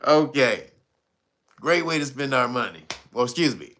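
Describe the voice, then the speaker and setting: A man's voice: medium pitch, wildly swooping pitch, takes it slowly, background noise. A man hosting his own channel, giving mocking comedic commentary, laughing often and swearing freely. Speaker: channel host.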